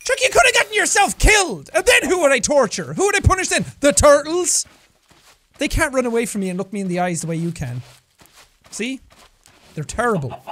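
A man giving excitable let's play commentary, swinging from yelling outbursts to low mutters. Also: a little fast, pauses often. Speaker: gameplay commentator.

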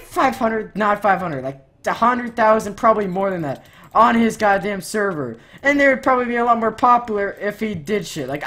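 A woman gamer narrating her own play in a loose, profanity-heavy running commentary. She rants and bursts into loud, excited shouts, then drops back to muttering, at a middle pitch for a woman. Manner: excitable ranting, swears a lot, loud outbursts.

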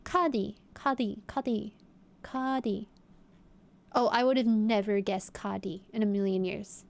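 A woman's voice: medium pitch, steady tone, unhurried, vocal fry. A young woman streamer chatting casually and playfully, guessing aloud and talking to her viewers. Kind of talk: casual live-stream chat.

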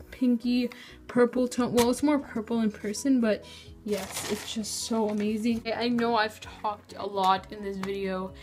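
A woman talking straight to camera in a casual vlog, gushing and rambling, filling every pause with "like" and "so". Her pitch sits in a middle range. A little music plays faintly behind her. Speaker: vlogger.

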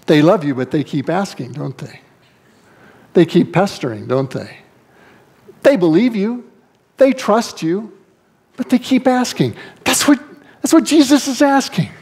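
Animated male pastor preaching. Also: unhurried, pauses often, breathy edge. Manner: animated storytelling, acting out voices with big pitch swings. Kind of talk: sermon.

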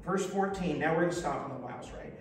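High-voiced preacher in an echoey hall. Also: male voice, fast talker, far from the mic. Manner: lively, exclamatory, joking with the congregation. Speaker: pastor. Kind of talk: sermon, reading scripture with congregation call-and-response. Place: church sanctuary. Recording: very echoey hall, voice from afar, faint hiss.

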